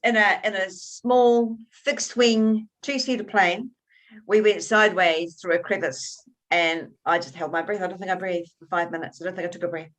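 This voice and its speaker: A woman author being interviewed, telling her stories in an animated, expressive way and often restarting her sentences. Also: mid-range voice, moderate pace. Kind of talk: conversational interview.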